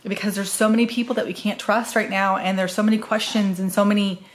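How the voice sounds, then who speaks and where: A woman's voice: medium pitch, steady tone, fast talker. A woman from the US Northwest, chatting casually as a book vlogger, rambling with fillers and correcting herself as she goes. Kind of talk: casual chat.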